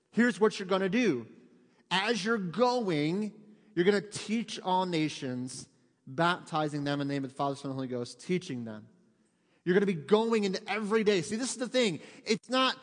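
A man with a high voice preaches a sermon in a church. He talks to the congregation in a lively, chatty way and acts out little quotes. His voice rings with long reverb from the sanctuary. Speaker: pastor.

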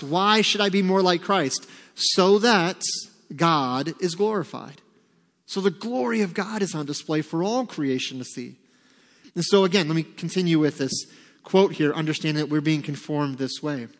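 A man's voice: a little high, normal speed. Preaching man in an echoing hall. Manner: emphatic, acts out God's voice and quoted prayers. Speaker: pastor. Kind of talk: sermon. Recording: long reverb of a church hall.

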